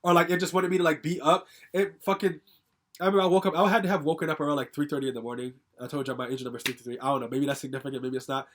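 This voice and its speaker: Fast-talking young man, angry rant. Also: fairly high pitch, steady tone, a bit bright, slight background noise. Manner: angry, profane, ranting with many fillers. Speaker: vlogger telling a story. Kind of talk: casual storytime rant.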